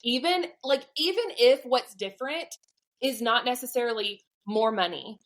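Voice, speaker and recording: In poor audio, a woman in her thirties with a Southern US accent speaks at a moderate pace in a slightly high voice. She's a podcast guest giving a storytelling testimony of her faith, animated and acting out the voices of people she quotes.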